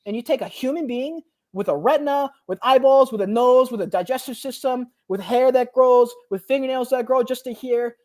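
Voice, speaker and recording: A man in his twenties, co-hosting a podcast, telling a personal story in a casual, animated way, full of slang like "bro" and "like.". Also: very high voice, fairly quick. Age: 20s. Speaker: podcast co-host.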